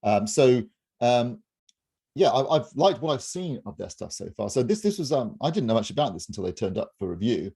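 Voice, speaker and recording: A man's voice: medium pitch, sing-song, a little fast, creaky, warm tone, slightly rough. A man in his fifties, a podcast co-host, chatting casually in a wry, rambling, joking way. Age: 50s. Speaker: reviewer and co-host. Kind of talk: casual chat.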